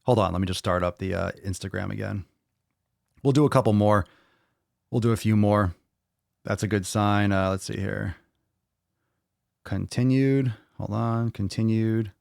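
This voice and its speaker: A man's voice: lowish voice, fairly even intonation, normal speed, gravelly, long pauses, a little mellow, no room sound, clean studio sound. A man hosting a fitness podcast, answering viewer questions in a casual live Q&A, blunt and profane as he reads comments and rants back.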